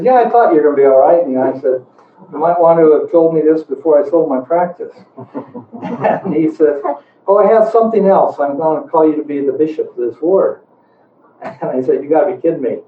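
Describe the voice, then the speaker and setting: A man's voice: medium pitch, slight background noise. Older man, folksy storyteller, distant tinny mic in an echoey hall. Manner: folksy, rambling, with chuckles. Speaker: speaker giving a talk. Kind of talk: storytelling to an audience.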